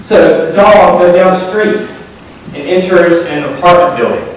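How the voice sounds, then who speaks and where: Man, high voice, sermon, joke-telling preacher, very echoey hall, distant mic. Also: moderate pace, a little hiss or hum. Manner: joke-telling, animated storyteller. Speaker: pastor. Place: large hall at a community service.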